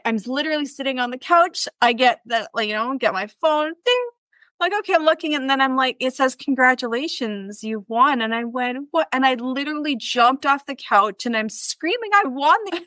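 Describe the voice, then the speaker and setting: A woman from Canada, a guest telling a story in casual conversation, with many fillers and lively retellings. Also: on the high side, no echo. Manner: chatty, lots of fillers, animated retelling. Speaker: interview guest.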